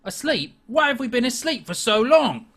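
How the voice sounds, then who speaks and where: A man voices a tiny pygmy owl who speaks bluntly and with suspicion. The voice is bright and sharp, and it goes up when he gets indignant. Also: extremely high pitch, big pitch swings, moderate pace, gravelly, slightly rough, pitched above the performer's own voice, heavily acted. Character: small pygmy owl companion, male.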